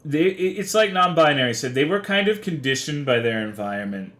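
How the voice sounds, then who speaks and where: A man's voice: fairly high pitch, lively intonation, brisk, fairly bright tone. Profane rambling young male streamer. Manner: profane, rambling, self-deprecating. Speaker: livestreamer. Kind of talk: casual livestream chat.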